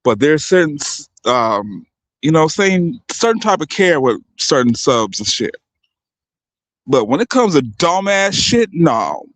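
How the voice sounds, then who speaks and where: A male livestream host ranting unscripted, cursing hard and then apologizing to his audience before winding up again. His voice sits a little high for a man, and the sound is close and dry with no room echo. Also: big pitch swings, measured pace. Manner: profane and heated, repeatedly apologizing to viewers.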